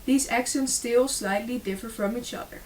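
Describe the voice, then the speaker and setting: A woman's voice: fairly high pitch, moderate pace. A woman reading a school presentation aloud, with frequent fillers and small restarts. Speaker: student presenter. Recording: distant mic with faint hiss.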